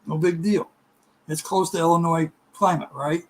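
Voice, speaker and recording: A middle-aged man telling a casual, animated story, laughing and acting out other people's voices. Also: on the high side, normal speed, low-quality recording. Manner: animated, laughing, acts out voices in his stories.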